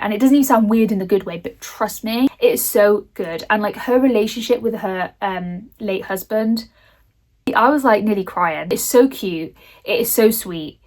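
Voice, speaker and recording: A woman vlogger chatting casually about books she wants to read, rambling, laughing often and swearing freely. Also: mid-range voice. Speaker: book vlogger. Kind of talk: casual book chat.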